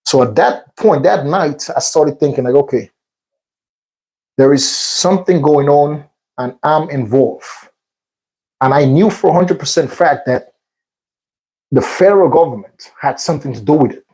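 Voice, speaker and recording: A man's voice: a little high, moderate pace, darkish tone, low-quality recording. A man casually telling a rambling personal story between workout sets, repeating himself and filling in with fillers. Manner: rambling, repetitive retelling with many fillers. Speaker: vlog host.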